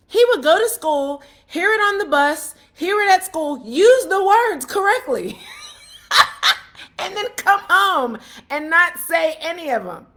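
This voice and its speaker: A middle-aged woman talking casually to the camera, telling a school story with lively retold quotes and checking in with the listener as she gives parenting advice. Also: extremely high pitch. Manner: animated storytelling, laughs often, acts out quotes; repeats questions to the listener. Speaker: parent vlogger giving advice.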